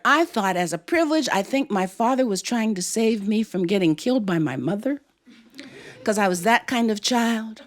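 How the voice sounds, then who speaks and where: An older woman telling a personal story to a live audience on stage, expressive and playful. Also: mid-range voice.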